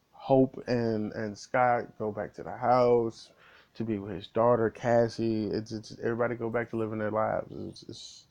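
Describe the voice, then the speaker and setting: Brief: male movie reviewer, lowish warm voice, animated scene-by-scene retelling with stumbles. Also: vocal fry. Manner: animated retelling, frequent restarts and repeated words. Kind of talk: casual spoiler recap.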